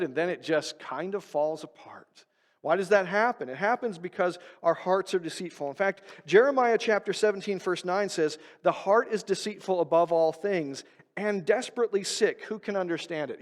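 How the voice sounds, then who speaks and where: A man's voice: sits high, lively intonation, normal speed. A man preaching a sermon as pastor, talking conversationally, asking the congregation questions and acting out quoted voices. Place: church sanctuary. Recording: church hall reverb.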